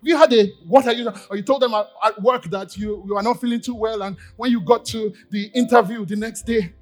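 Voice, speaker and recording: A Nigerian man preaching a sermon in church, acting out little scenes in quoted voices and swinging from loud bursts to quiet asides. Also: high-pitched, fairly even intonation, fairly quick, faint music behind. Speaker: pastor. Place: church service.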